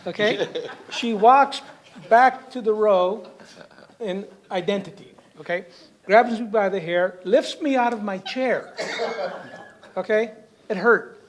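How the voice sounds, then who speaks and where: At a university symposium hall, a male panelist with a fairly high voice tells a funny personal story, frequently tagging his lines with a quick "okay?" to check in with the audience.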